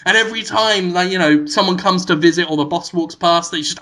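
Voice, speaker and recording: A man, a podcast co-host pitching a silly movie idea to his friends in rambling storytelling style, laughing at his own jokes. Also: fairly quick, hardly any pauses, sharp tone. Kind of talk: comic movie pitch to co-hosts.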